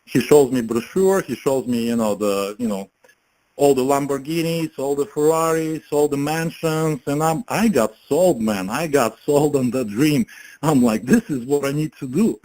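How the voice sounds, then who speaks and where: A man with an ordinary mid-range voice pitches network marketing in a loose, conversational way. He laughs often and keeps checking in with his listeners through tag questions and fillers. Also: measured pace, darkish tone, slight background noise, low-quality recording. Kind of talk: casual motivational pitch.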